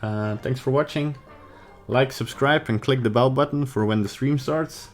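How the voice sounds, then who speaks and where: A man hosting a casual live stream, rambling in a relaxed way with many fillers. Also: mid-range voice, normal speed, soft background music.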